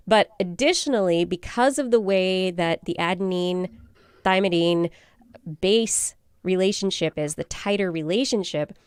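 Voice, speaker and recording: Smooth-voiced woman explaining science. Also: lowish voice, dry recording, studio quality. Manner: chatty, playful, explains with voiced asides. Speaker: science podcast co-host.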